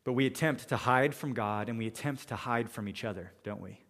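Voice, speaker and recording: A man's voice: mid-range voice, brisk, a bit bright, big-room sound. A man preaching a sermon, walking through scripture verse by verse and voicing the characters in his own paraphrases. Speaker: pastor.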